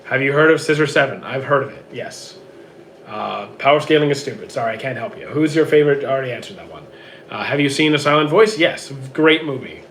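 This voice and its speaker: A man with a hoarse, worn-out voice reads out viewer questions and answers them offhand in casual livestream chat from home. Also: mid-range voice, animated, fairly quick, a bit bright, a little hiss or hum. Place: home with roommates.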